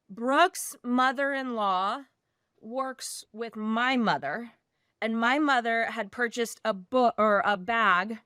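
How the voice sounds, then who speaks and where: A woman in her thirties co-hosting a podcast, telling a story in a gushing, animated way. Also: fairly high pitch, smooth, no echo, clean studio sound. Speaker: podcast co-host. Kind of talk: casual podcast chat.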